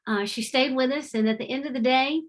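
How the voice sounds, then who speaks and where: Middle-aged woman presenter, warm and animated, a touch high-voiced, talking through slides on a call. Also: brisk. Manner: warm, heartfelt and animated, with faith-tinged phrasing. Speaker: presenter at a webinar. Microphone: remote video call.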